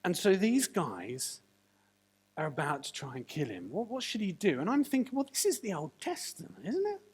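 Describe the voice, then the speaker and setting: A preacher giving a sermon, animated and full of jokey asides and rhetorical questions. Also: mid-range voice, slightly rough.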